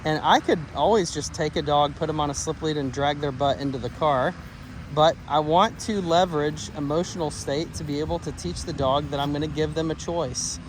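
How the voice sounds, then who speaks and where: A man working as a dog trainer outdoors beside a car. He gives an upbeat training demonstration and praises the dogs in a high sing-song voice. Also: moderate pace, noisy background.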